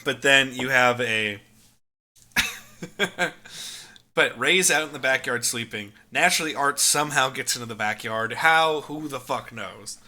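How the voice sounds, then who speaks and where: A man co-hosting a podcast, chatting casually about a movie, animated and laughing often, with plenty of swearing. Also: mid-range voice, unhurried. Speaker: podcast co-host. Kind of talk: casual movie review chat.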